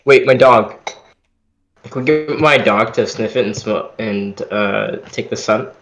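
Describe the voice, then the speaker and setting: A man playing a tabletop game, talking loud and excitable. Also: on the low side, a little slow. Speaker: tabletop player. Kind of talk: casual tabletop chat.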